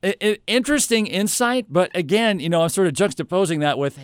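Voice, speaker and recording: A man recounts a story in a loose, animated monologue, tossing in playful asides. His voice sits a little high for a man and sounds smooth and resonant. The recording is close and dry. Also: fairly quick, few pauses, no room sound.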